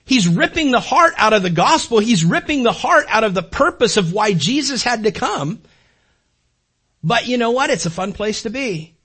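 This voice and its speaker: Older pastor, high and husky, casual sermon style with restarts. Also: male voice, a bit bright. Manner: conversational, repeats words while building a point.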